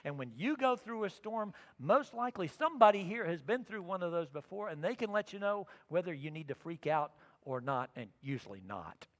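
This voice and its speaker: A middle-aged pastor preaches to his congregation, his voice high and swinging widely in pitch as he acts out his own thoughts in a personal story. He moves from loud and emphatic to soft and quiet. A long reverb from the church sanctuary hangs on his words. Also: expressive, fairly quick, few pauses. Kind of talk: sermon.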